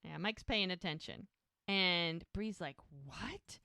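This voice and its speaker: A woman's voice: medium pitch, moderate pace, fairly bright tone, no room sound, clean studio sound. A woman co-hosting a podcast, casually retelling scenes and briefly mimicking the characters' lines. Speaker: podcast co-host. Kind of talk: casual recap chat.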